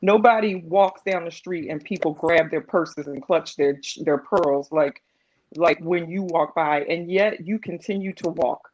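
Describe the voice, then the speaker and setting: A woman's voice: on the low side, unhurried, darkish tone, dull audio. A woman on a video call giving a heartfelt spoken tribute, impassioned and building emphasis by repeating phrases. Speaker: guest speaker.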